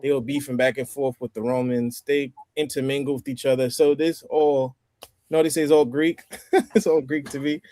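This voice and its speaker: A man's voice: medium pitch, little pitch movement, normal speed, mellow, no room sound. A man in a casual roundtable chat who talks at length, explaining phrases and practicing new words. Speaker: roundtable participant. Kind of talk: casual group chat over a stream.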